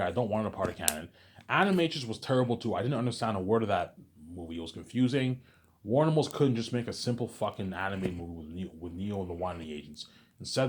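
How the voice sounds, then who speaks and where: A man's voice: fairly low pitch, slight background noise. A man vlogger ranting in a casual monologue, repeating himself and swearing freely. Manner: repetitive, profane ranting.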